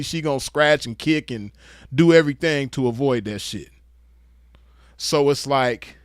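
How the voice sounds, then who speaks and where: A man's voice: fairly high pitch, no room sound, studio quality. Crude, lecturing male commentator. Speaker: online commentator. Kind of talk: casual commentary rant.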